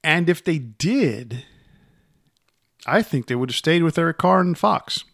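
A man's voice: a little high, expressive, a little slow, fairly bright tone, no room sound, clean studio sound. A man co-hosting a podcast in casual chat, rambling with many restarts and getting emphatic as he makes his points. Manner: rambling, with frequent restarts and repeated words; emphatic, voice rising when making a point. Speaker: podcast co-host.

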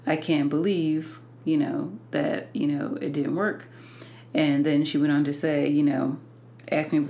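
A woman hosting a podcast and telling a personal story in an unhurried way, with many fillers and restarts. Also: sits low, a little mellow. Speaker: podcast host.

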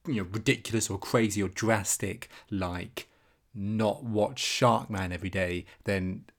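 A young man co-hosting a comedy podcast, talking in a dry, deadpan, meandering way. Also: lowish voice, measured pace. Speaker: podcast co-host.

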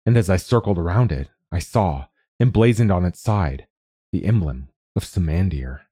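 Male narrator, very low voice, mellow, scripted story reading, steady pace. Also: moderate pace, breathy edge, no echo.

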